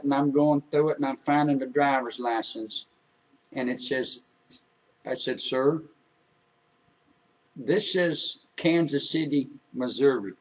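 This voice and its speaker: A man telling an emotional personal story in an earnest, halting way, with many restarts. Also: mid-range voice, darkish tone, distant mic, rough recording.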